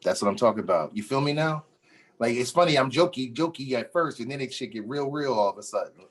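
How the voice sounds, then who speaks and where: A man's voice: medium pitch, expressive, quick pace, slightly rough. A man leading a mentoring workshop over a video call, emphatic and repeating his points, jokey at first, then earnest. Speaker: workshop facilitator.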